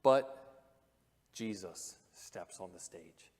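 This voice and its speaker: Man preaching in a reverberant church hall. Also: medium pitch. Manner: conversational and animated, with joking asides and dramatic hushed pauses. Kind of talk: sermon. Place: church auditorium.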